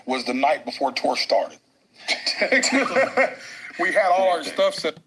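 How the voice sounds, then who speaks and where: A man telling a story on a podcast, excitable and crude, laughing often. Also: fairly high pitch, slow pace, noisy background. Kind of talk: animated storytelling.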